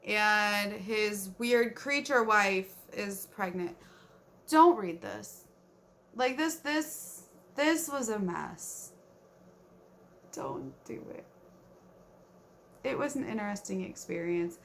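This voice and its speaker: A woman's voice: mid-range voice, fairly bright tone. A woman book vlogger recapping a novel in casual chat, blunt and incredulous, swearing freely.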